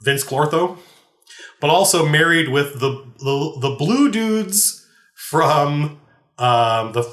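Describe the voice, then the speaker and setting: A man with a medium-pitched, slightly bright voice, a game master and podcast host, shares an anecdote from his tabletop game. He rambles, laughs, and restarts often, and the recording has a roomy echo.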